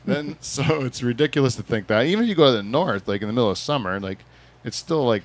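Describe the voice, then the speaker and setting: Hosting a laid-back group podcast, a man with a Southern Ontario Canadian accent talks fast with lively intonation at a medium pitch, joking around, rambling and laughing frequently.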